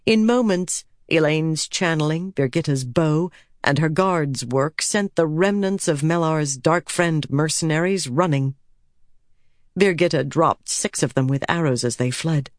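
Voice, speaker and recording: A woman narrating an audiobook chapter in a measured, steady way. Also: low-pitched, dry recording, studio quality. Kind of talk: scripted narration.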